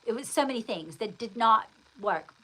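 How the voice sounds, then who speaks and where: A woman's voice: fairly high pitch, lively intonation, moderate pace, a bit bright, slightly rough, rough recording. A woman host telling a long personal story in casual chat, rambling and speaking straight to her listener with endearments. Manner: chatty, rambling, addresses the listener directly with endearments.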